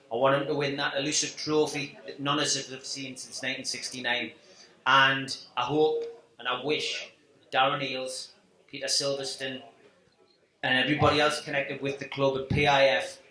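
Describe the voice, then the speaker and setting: A man speaking earnestly and hopefully at a live fan event, in a measured way. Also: mid-range voice, bright, forceful tone. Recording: echoey event room.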